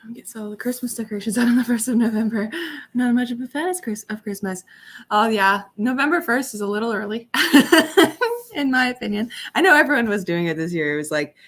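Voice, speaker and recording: A woman's voice: a little high, expressive, brisk, a bit bright. A young woman hosting a casual livestream from her apartment, chatty and giggly as she talks to her viewers. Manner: chatty and giggly, talking to chat. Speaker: livestream host.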